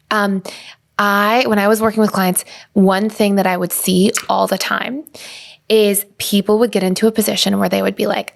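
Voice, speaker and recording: A woman's voice: medium pitch, creaky. A woman in her thirties, a coach guest in a casual interview, talking in a chatty way with lots of fillers. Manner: fast, chatty, filler-heavy with many likes.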